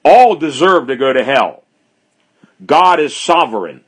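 A man preaching an expository sermon, speaking deliberately and driving his points home through emphatic repetition. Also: medium pitch, lively intonation, a bit bright.

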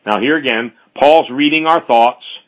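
Male preacher, measured unhurried delivery, repeats key phrases for emphasis. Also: medium pitch. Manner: slow, deliberate preaching with emphatic repetition. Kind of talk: expository sermon.

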